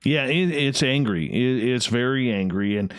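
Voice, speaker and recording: A man's voice: mid-range voice, lively intonation, normal speed, clean tone, dry recording, studio quality. A man hosting a late-night radio interview, chatty and rambling with a self-mocking streak. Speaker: radio show host.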